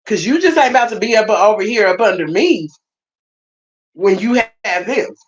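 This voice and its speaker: A woman's voice: medium pitch, animated, normal speed. Emphatic woman preaching, lo-fi. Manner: emphatic, repeats phrases, talks directly to the congregation. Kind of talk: sermon.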